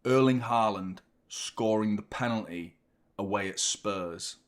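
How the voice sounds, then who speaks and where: A man hosting a live football watchalong, chatting casually with animated, sweary banter. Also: on the low side, unhurried. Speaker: host of a football fan watchalong.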